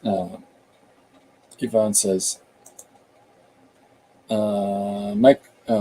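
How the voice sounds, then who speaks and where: Mellow-voiced guy rambling on a stream while he draws, relaxed and chatty. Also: fairly low pitch, takes it slowly, long pauses, husky, rough recording. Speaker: artist streaming while drawing. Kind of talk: casual live-stream chat.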